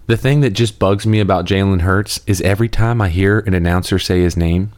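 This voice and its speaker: A man hosting a comedic sports monologue, sarcastic and self-deprecating, with dramatic pauses. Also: low voice, darkish tone, no room sound. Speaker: podcast host.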